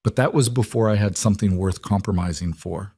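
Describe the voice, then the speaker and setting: A man's voice: fairly low pitch, fairly quick, darkish tone, breathy edge. A man voicing a grim, protective male mafia boss who speaks in clipped sentences. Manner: terse, clipped statements.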